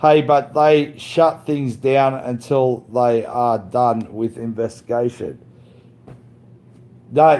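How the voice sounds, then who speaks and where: A man's voice: medium pitch, warm tone. A man ranting on his live stream, boastful and profane, repeating himself and saying "mate" a lot, with frequent stumbling restarts.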